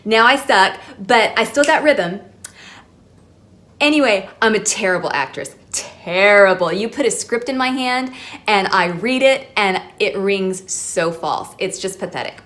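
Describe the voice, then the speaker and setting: A woman's voice: medium pitch, unhurried, fairly bright tone. A woman chatting to her camera at home, giving a casual beauty product review in a chatty, self-deprecating way. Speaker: beauty vlogger. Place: at home filming herself. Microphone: camera mic, facing the lens.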